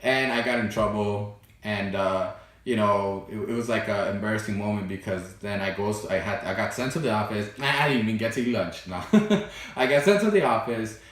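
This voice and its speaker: A young man vlogging, telling childhood stories in a loose, animated way, full of fillers and laughs. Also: fairly low pitch, normal speed, heavy reverb, far from the mic. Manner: animated, laughs often, fillers like "you know" and "right". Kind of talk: casual storytelling to camera.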